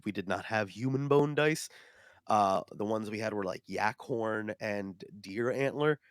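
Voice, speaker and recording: A man co-hosting a podcast, telling stories in a rambling, animated way with lots of fillers. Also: fairly low pitch, a little slow, clear, resonant tone, dry recording, clean studio sound. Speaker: podcast co-host. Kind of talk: casual chat.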